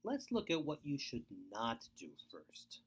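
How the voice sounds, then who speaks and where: Earnest man giving a lively webinar talk. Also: a little high, measured pace, slightly rough. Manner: earnest, emphatic, repeats points. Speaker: foster care speaker. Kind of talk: webinar lecture.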